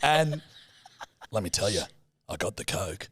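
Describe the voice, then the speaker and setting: An Australian man tells a rowdy yarn on a podcast, swearing freely. His pitch swings widely as he talks. The recording is dry and close. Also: measured pace, husky, no room sound. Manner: animated, swears a lot, laughs often. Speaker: podcast co-host. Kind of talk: casual storytelling chat.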